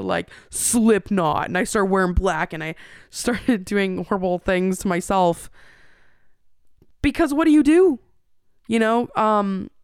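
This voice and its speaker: Her medium-pitched voice carries vocal fry yet sounds clear and resonant, recorded clean in a studio without echo. She's a podcast host in her thirties, rambling candidly through a personal story with many fillers and restarts.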